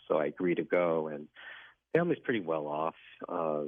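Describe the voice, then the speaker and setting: A man's voice: a bass voice, lively intonation, moderate pace, dry recording. A man telling his personal story as a guest in a radio interview, in an earnest, reflective way. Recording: dry tinny phone line.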